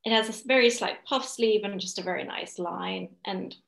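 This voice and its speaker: Casting: German-born woman guest, bright and crisp, giggly, roomy video-call echo. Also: medium pitch, normal speed. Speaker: guest knitter. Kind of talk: casual video chat.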